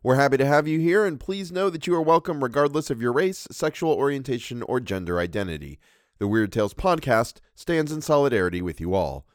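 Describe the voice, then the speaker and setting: A man hosting a podcast, reading a horror story aloud with a measured, expressive delivery. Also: medium pitch, no room sound, studio quality. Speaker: podcast host and narrator.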